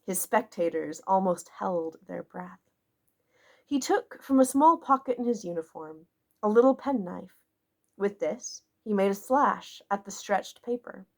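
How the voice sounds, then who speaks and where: A woman narrating a classic novel in a measured, expressive way. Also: medium pitch, gravelly. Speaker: audiobook narrator.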